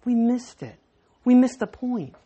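A middle-aged woman preaching in a relaxed, conversational way, mixing scripture with self-deprecating jokes and stories. Her voice is husky and sits fairly high. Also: measured pace. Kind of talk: sermon.

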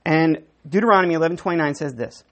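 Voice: mid-range voice, fast, highs cut off. A preacher giving a sermon, walking through a Bible passage verse by verse and acting out the quoted dialogue, with frequent self-corrections.

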